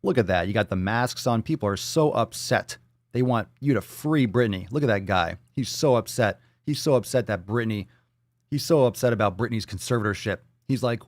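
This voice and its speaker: A man's voice: fairly low pitch, normal speed, dry recording. A man hosting a casual live stream, reading viewer comments and talking in a loose, profane, joking way, now and then slipping into silly voices. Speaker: livestream host reading chat. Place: Florida.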